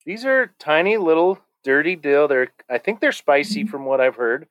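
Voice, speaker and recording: A man hosting a podcast in casual chat, animated and rambling, often laughing. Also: fairly high pitch, moderate pace, no echo, muffled recording. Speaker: podcast host.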